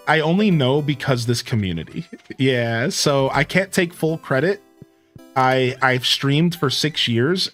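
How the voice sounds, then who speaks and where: A man's voice: medium pitch, a bit bright. A man streaming a game live, chatting casually and answering viewers' comments as he plays. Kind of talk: casual live-stream chat while gaming.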